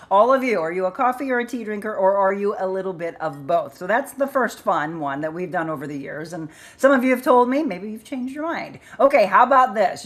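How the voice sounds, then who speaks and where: An upbeat woman hosts a live chat stream. She chats breezily and reads out viewers' names and answers. Her voice sits at a middle pitch. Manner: upbeat and chatty, reading out names. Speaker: livestream host. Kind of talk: live chat show reading viewer comments.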